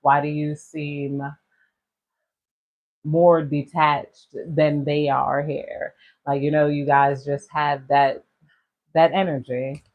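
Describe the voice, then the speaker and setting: A woman's voice: low-pitched, narrow, tinny audio. A woman giving a casual tarot reading, rambling and slangy and laughing often as she talks. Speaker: tarot reader.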